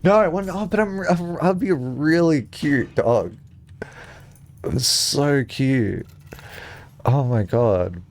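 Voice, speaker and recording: A man's voice: a little high, expressive, unhurried, hardly any pauses, darkish tone. A young adult man streaming a video game, rambling through comedic tangents and laughing often. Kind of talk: casual live-stream commentary.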